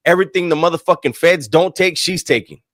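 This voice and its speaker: A man's voice: on the high side, fast talker, dry recording, clean studio sound. A man hosting a live-stream talk, swearing often and mocking the person he talks about. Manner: profane, mocking, animated. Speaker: host. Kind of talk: casual live-stream chat.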